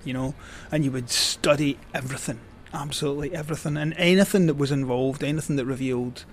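A man's voice: on the high side, fairly even intonation, quick pace, a little hiss or hum. Rambling Scottish man telling stories. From Scotland. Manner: rambling, with many fillers and restarts. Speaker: guest, cycling journalist. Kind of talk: casual storytelling.

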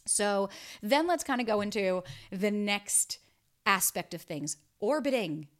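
A woman in her thirties talks straight into the mic on her solo podcast, in a voice of ordinary middle pitch. She is blunt and emphatic and swears freely as she gives dating advice. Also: animated, unhurried. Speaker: podcast host and dating coach. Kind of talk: casual solo podcast talk.

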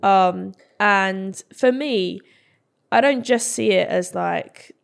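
Gravelly young woman, chatty. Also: medium pitch, takes it slowly. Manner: chatty, giggly, with lots of fillers. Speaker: guest. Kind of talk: casual chat.

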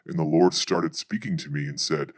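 Male pastor, low register, brisk storytelling testimony. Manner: fast narrative storytelling.

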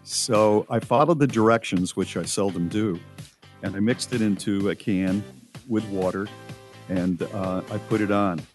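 A man's voice: fairly low pitch, a little slow, a little mellow, soft background music. A man hosting a radio talk show, telling a wry, self-mocking story about a home chore. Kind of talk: casual radio chat.

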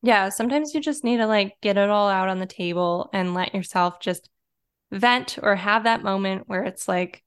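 A woman with a Detroit accent, a guest in a relaxed podcast chat, talking loosely with lots of "like" and "um". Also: medium pitch, normal speed, clear, resonant tone. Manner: relaxed, chatty, filler-heavy with frequent likes and ums. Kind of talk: casual chat.

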